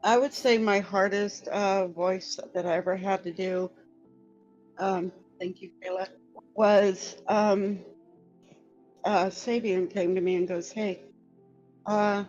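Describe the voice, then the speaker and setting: A woman's voice: medium pitch, steady tone, a little mellow. A woman co-hosting a horror podcast who does voice acting, chatting casually with many fillers. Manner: slow, with frequent laughs and fillers. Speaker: podcast co-host and voice actor. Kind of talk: casual chat. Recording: dull lo-fi audio with faint music.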